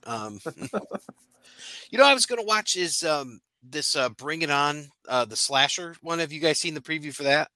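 Male podcast co-host, bright tense tone, dry close mic, loose profane rambling chat. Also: a little high, expressive, a little slow, no echo. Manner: laughing, profane, rambling with restarts. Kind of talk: casual chat.

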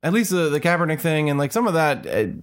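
A man's voice: a little high, big pitch swings, fast talker. A man in casual, profane chat, laid-back and wry, often restarting his sentences.

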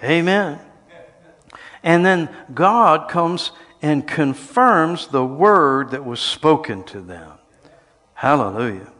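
An older man preaching a sermon, telling stories and swinging between quiet passages and loud, shouted lines. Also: fairly high pitch, animated, slow pace. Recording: long hall reverb.

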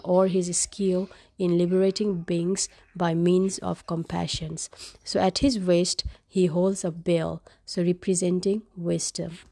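Woman, sick with a cough, lowish voice, casual reading and explaining, parent vlogger. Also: dark tone. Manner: reads from a web page, adds plain explanations.

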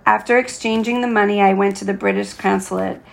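Gravelly woman reading an audiobook. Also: mid-range voice, steady tone, a little fast. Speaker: audiobook reader. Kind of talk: first-person audiobook narration.

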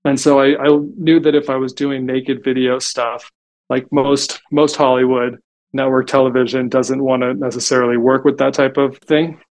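Here a male podcast guest spins casual stories, sprinkling "like" throughout the relaxed interview chat. He speaks at a moderate pace in a mid-range voice, with a flat delivery.

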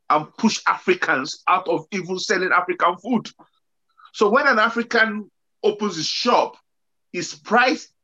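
Bright-voiced animated man, lo-fi sound. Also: high voice, husky. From UK-based. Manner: animated, laughs while telling stories. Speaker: host. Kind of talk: casual panel discussion.

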